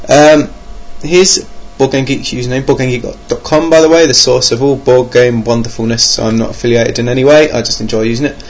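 Male podcast host, young, gravelly and husky, rambling self-mocking chat. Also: medium pitch, steady tone, fairly quick, few pauses. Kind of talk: casual podcast monologue. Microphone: home computer mic.

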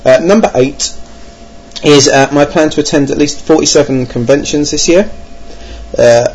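A man's voice: a little high, moderate pace, darkish tone, slightly rough. An English man giving a rambling, self-mocking monologue about his gaming plans, with lots of hesitations. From England. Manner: wry, self-mocking, hesitant with many ums. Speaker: board game vlogger. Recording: dull lo-fi recording with faint noise.

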